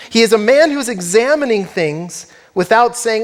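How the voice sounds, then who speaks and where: A male pastor delivering an earnest sermon, walking through a scripture passage verse by verse. His voice sits a bit high for a man. He speaks directly to the congregation in an engaged, expository way. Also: big pitch swings, a little slow. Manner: earnest, expository, acts out quotes.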